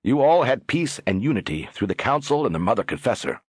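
A man's voice: medium pitch, very animated, brisk, darkish tone, slightly rough, no room sound, studio quality, voice pushed up. A man voicing a stern young lord who lectures firmly. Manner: firm, lecturing.

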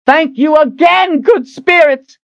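A man voicing a desperate, fierce young woman leader who shouts at the top of her lungs. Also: extremely high pitch, slow pace, no room sound, muffled recording, pitched above the performer's own voice, full character voice. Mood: furious.

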